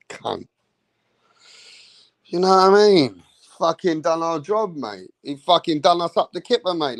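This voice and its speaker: A man with an English accent giving a profane, comedic rant as a boxing commentator, animated and full of swearing and mocking impressions. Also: high-pitched, no room sound.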